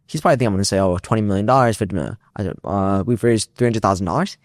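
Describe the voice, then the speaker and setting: A man's voice: mid-range voice, sing-song, very fast, dry recording, studio quality. A young man, a startup founder, casually telling a story in an interview, acting out both sides of phone calls with lots of restarts and fillers.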